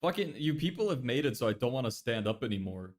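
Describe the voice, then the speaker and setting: A man's voice: mid-range voice, sing-song, quick pace. A young man casually chatting on a live stream, exasperated and swearing often as he answers viewers. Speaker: livestreamer.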